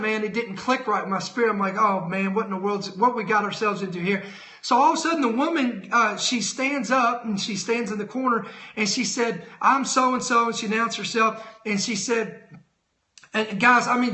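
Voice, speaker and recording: A middle-aged man giving a live sermon-style talk as host, telling stories with lots of quoted dialogue and quick self-corrections. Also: high voice, sharp tone, roomy sound. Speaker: host of a Christian teaching stream.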